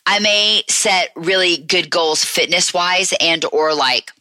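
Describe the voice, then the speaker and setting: A woman's voice: lowish voice, slow, sharp tone, no room sound. A woman from the American South with a Southern accent, hosting a podcast in a casual, rambling chat full of fillers. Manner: chatty, rambling, many fillers. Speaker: podcast host.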